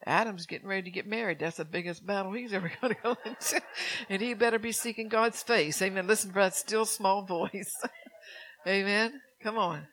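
A woman's voice: medium pitch, moderate pace, a bit bright, low-quality recording. A middle-aged woman preaching a sermon in church, chatty, asking the congregation questions and laughing often.

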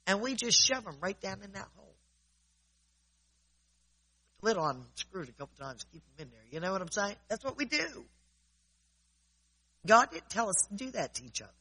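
A man's voice: sits high, sing-song, normal speed, long pauses, bright, forceful tone, breathy edge, poor audio. A man preaching informally in a conversational way, often checking in with his listeners.

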